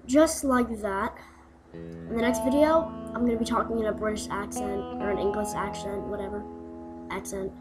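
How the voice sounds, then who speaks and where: A woman's voice: medium pitch, steady tone, normal speed. A young woman giving a casual, rambling voice-over for a building game tutorial, with goofy asides and plenty of fillers. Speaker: gaming video maker. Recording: voice-over with guitar music behind.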